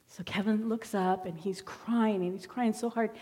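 A woman's voice: medium pitch, steady tone, moderate pace, mellow. Woman preaching in a reverberant hall. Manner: storytelling, conversational with fillers. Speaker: church member giving a sermon. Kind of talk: personal testimony sermon. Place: church sanctuary. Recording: long church hall reverb.

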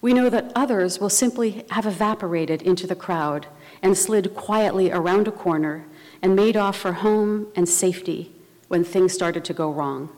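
A woman preaching a sermon in a measured, reflective way. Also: fairly low pitch, darkish tone. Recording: long reverb of a large hall.

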